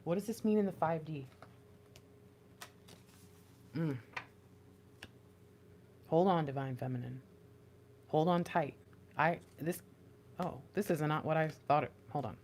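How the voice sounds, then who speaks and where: A young woman giving an intuitive tarot reading, rambling and excitable, often trailing off and laughing. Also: low-pitched, unhurried, pauses often, a little hiss or hum. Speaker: tarot reader.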